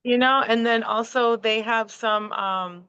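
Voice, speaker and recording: Bright, profane woman rambling fast. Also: fairly high pitch, fairly even intonation, clear, resonant tone, dry recording. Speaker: podcast host. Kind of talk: casual conspiracy chat. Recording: dull lo-fi call audio.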